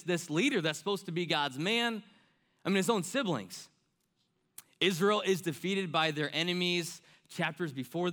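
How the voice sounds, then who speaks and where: Bright-voiced man preaching a sermon. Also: on the high side. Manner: earnest preaching, repeats key lines, many fillers like "right?" and "I mean". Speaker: pastor.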